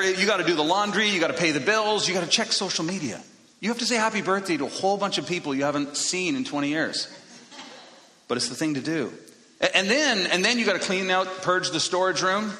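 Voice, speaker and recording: A man preaching a sermon to his congregation in a casual, conversational way, with quick self-deprecating asides, speaking into a microphone. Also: a little high, bright, forceful tone. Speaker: pastor. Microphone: handheld or stage microphone. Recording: echoey hall reverb.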